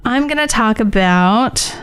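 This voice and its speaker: A woman in her forties co-hosting a podcast, chatting in an animated, joking way with plenty of swearing. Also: fairly high pitch, slow, smooth, no room sound. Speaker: podcast co-host. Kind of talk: casual chat.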